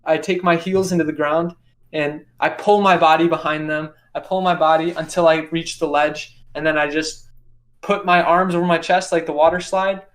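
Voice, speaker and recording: A man's voice: fairly high pitch, flat delivery, moderate pace. A man, a podcast guest, telling a dramatic personal story in a casual interview, repeating phrases for emphasis. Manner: intense, repetitive retelling with vivid detail.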